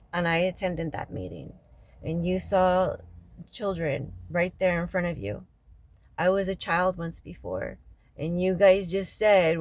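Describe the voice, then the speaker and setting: A woman, crying as she vents in a raw, profane personal rant, her voice often sinking low and quiet. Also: poor audio. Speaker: local resident venting after a city meeting. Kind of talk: emotional personal vlog rant.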